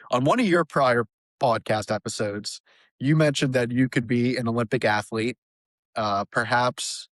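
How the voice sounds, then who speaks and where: A man's voice: medium pitch, no echo. Man, podcast host, casual interview chat, rambling fillers, dry recording. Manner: rambling with many fillers, laughs easily.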